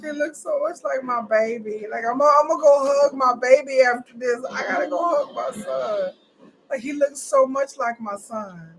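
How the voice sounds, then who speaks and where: A woman hosting a live watch party, slightly high-pitched, emotional and exclaiming. She repeats herself often as she reacts. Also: normal speed, creaky, rough recording. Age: adult. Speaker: reaction streamer.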